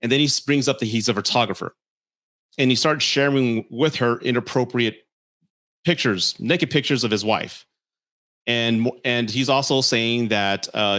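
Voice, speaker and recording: A man in the middle of a casual commentary vlog, speaking at an ordinary pitch. He sounds heated and blunt, drops swear words freely, and trips over his own restarts. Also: moderate pace, a bit bright. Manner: stammering restarts. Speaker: commentary creator.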